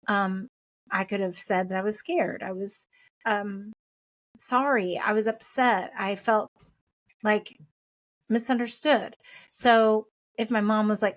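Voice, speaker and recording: A woman in her thirties hosts a podcast on her own, speaking gently and conversationally. She wanders through her points with frequent fillers and restarts, in a voice of ordinary middle pitch. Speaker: podcast host. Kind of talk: casual solo podcast talk.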